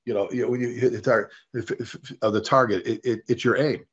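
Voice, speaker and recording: A middle-aged man tells stories as a guest in an interview, acting out the people he quotes and often starting his sentences over. He sits at an average pitch for a man. The recording is dull and lo-fi. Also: fast talker, breathy edge. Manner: animated storyteller, acts out quoted dialogue, frequent restarts. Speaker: fire service leader and author, interview guest. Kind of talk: conversational storytelling.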